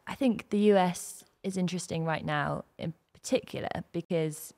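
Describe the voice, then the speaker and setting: Chatty woman, slightly low voice. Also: darkish tone. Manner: chatty, quick to laugh at herself. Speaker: co-host. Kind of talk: casual chat. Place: kitchen table.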